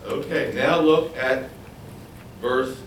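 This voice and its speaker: A man preaching a Bible sermon, animated and acting out the quoted voices. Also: takes it slowly, slight background noise. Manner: animated, acts out quoted voices in a higher pitch. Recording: echoey room, voice from far off.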